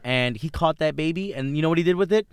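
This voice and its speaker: A young man with a slightly raised pitch talks football as a podcast co-host, eager and quick to laugh. He often breaks off mid-sentence and jumps to the next thought. The sound is dry and close, with no room around it. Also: clean tone, dry recording. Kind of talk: casual sports chat.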